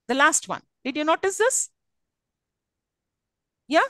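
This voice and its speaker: Female lecturer; high pitch, dry recording, patient step-by-step explanations. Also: very animated, measured pace, long pauses, fairly bright tone, no echo, rough recording. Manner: explains step by step, often checks "okay?". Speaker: English lecturer. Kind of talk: live classroom lecture.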